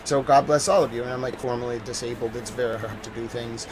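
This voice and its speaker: Boston guy rambling on his news stream, lots of "like", medium pitch, bit of noise behind. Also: fairly even intonation, fast talker. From New England. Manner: rambling, many fillers like "like". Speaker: news livestreamer. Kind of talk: casual livestream monologue.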